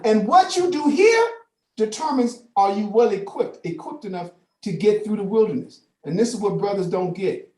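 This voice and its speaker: An older man teaching scripture in a classroom, animated, with frequent profanity and street slang. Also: high voice, echoey room.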